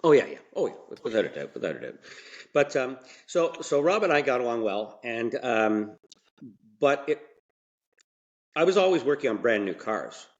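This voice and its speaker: A man's voice: medium pitch, very animated, normal speed, highs cut off. A man telling stories as a podcast guest in a colloquial, rambling way, with frequent restarts and asides. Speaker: podcast guest, mechanic and franchise owner. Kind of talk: casual interview storytelling.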